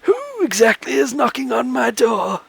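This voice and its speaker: Frail muttering old man, near-blind, soft and thin-voiced; a man doing the voice. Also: extremely high pitch, normal speed, creaky, slightly rough, voice pushed up, exaggerated voice. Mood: suspicious.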